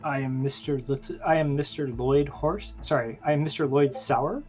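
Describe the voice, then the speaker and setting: A man's voice: fairly high pitch, normal speed, darkish tone, highs cut off, faint music behind, natural voice. A man playing a shady traveling pharmacist. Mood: matter-of-fact.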